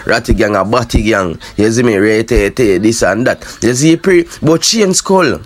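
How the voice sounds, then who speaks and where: A man with a Jamaican accent chatting casually to his viewers as a dancehall news commentator, in animated patois. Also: on the low side, measured pace.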